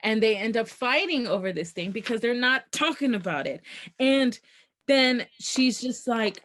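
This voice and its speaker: A woman co-hosting a casual book podcast, retelling the plot in an animated way and quoting the characters. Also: a little high, unhurried. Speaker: podcast co-host.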